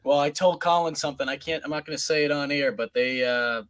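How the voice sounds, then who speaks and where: Sports radio co-host, male, from Boston, animated raconteur, slightly high voice. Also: quick pace, smooth. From Boston area. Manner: animated storyteller, gets loud and laughs through stories. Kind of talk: casual sports radio banter.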